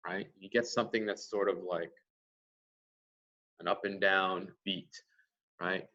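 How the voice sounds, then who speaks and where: A man's voice: on the low side, sharp tone, recorded from a distance, lo-fi sound. A male teacher giving a lecture, explaining step by step and answering his own questions. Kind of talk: classroom lecture.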